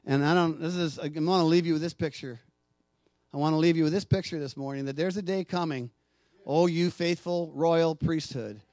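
A man preaching a sermon as pastor, moving from hushed, gentle passages to loud emphatic ones and calling out to the congregation for responses. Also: fairly high pitch, normal speed, dry recording.

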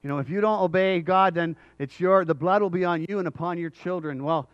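Pastor, male, slightly high voice, earnest preaching, dry close sound. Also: clear, resonant tone, no echo, highs cut off. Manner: earnest preaching, pauses to read scripture aloud. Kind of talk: sermon.

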